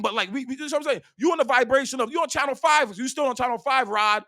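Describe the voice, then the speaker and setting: A man doing a stand-up routine, rambling and swearing, repeating himself, swinging between loud bursts and hushed asides. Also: very high-pitched, fast talker, dry recording, studio quality. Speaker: stand-up comedian.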